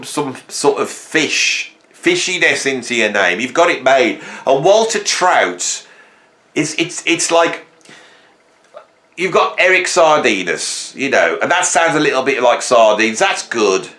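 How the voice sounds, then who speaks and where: A man's voice: mid-range voice, pushed and bright. A man from England hosting a rambling comic monologue, joking and telling stories with sudden jumps in his voice. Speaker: host.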